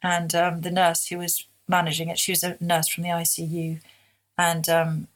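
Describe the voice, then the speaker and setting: A woman author, speaking softly and haltingly as a guest in an emotional interview conversation. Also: lowish voice, completely flat delivery. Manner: soft-spoken, halting with many restarts.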